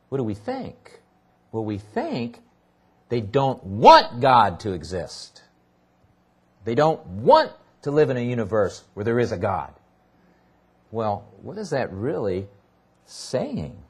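Husky-voiced pastor preaching slowly and expressively. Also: male voice, medium pitch, huge pitch swings, darkish tone. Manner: emphatic, repeats key words for stress. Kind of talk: expository sermon.

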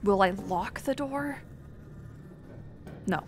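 A young woman streaming a horror game, chatting casually with her viewers, swearing and swinging between muttered whispers and loud laughing outbursts. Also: medium pitch, lively intonation, takes it slowly, very noisy. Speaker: VTuber streamer. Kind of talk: casual gameplay commentary.

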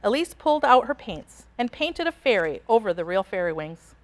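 A woman reading a picture book aloud to children in an expressive, animated storytelling voice. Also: medium pitch, moderate pace. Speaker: storybook reader.

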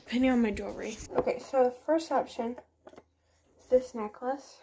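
A woman's voice: fairly high pitch, moderate pace, background noise. A teenage girl chatting casually while getting ready, giggly and chatty. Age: teens. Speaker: vlogger. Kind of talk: casual get-ready-with-me chat. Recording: music in the background. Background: pop music playing.

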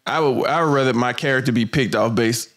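A man's voice: medium pitch, fairly quick, a bit bright. A young man from Birmingham, co-hosting a podcast in casual joking chat and laughing often. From Birmingham, Alabama. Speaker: podcast co-host.

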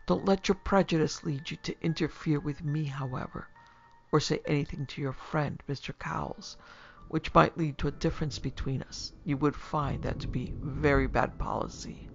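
A woman's voice: low voice, moderate pace, creaky. A woman voicing a cold, strong-willed young lady who speaks in a hard, scornful way. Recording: dull lo-fi recording.

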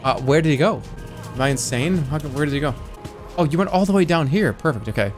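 A man streaming a video game with goofy, excitable running commentary and sudden yelps. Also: a little high, quick pace, soft background music. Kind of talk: live gameplay commentary.

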